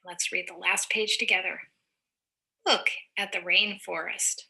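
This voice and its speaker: A woman reads a picture book aloud to young children in a slow, encouraging teacher's voice. Her tone is very bright and forward, with a gravelly fry running through it. She pauses now and then to explain words in simple terms. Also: on the low side, fairly even intonation.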